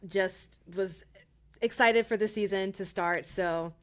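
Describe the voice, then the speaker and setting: A woman's voice: medium pitch, slow pace. Woman, podcast co-host, casual chat, enthusiastic, laughs a lot.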